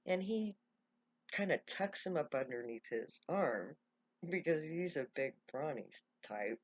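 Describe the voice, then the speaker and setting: A woman telling a story in a casual, animated way, often laughing and acting out quotes. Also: low voice, measured pace, no room sound, muffled recording.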